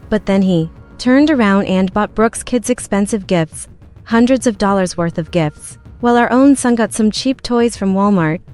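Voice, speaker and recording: A woman recounts a personal story in the first person. She strings events together in a plain, run-on retelling at a middle pitch. Faint music plays underneath. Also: darkish tone.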